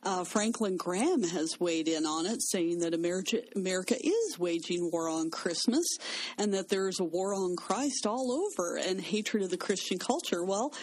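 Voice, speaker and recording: A woman's voice: fairly low pitch, expressive, normal speed, darkish tone. A woman co-hosting a faith-based radio talk show from the studio. She makes her points in an opinionated, preacherly way. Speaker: radio co-host. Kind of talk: casual Christian radio talk.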